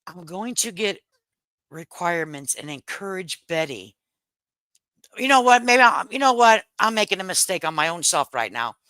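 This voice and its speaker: A woman's voice: on the low side, very animated, normal speed, bright, forceful tone, no echo, low-quality recording. A middle-aged woman, chatting casually and laughing on a live stream, speaking into a headset mic at home. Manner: chatty, laughs often, Southern slang. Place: home kitchen. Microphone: headset microphone.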